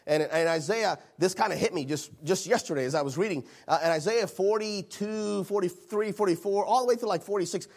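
A man preaching a sermon, animated, repeating phrases and acting out the voices in the scripture he reads. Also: sits high, fairly quick, vocal fry, hardly any pauses.

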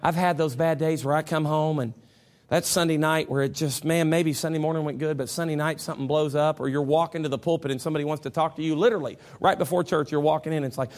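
A middle-aged man preaching a sermon as pastor, mixing folksy storytelling with impassioned passages that rise to shouts. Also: a little high. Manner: impassioned, rising to shouts at peaks.

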